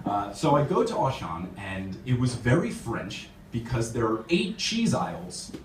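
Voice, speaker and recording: A man's voice: mid-range voice, wildly swooping pitch, unhurried, slight background noise. A young American man performing a stand-up comedy set on a club stage, often laughing at his own jokes. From United States. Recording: roomy venue sound from a distance.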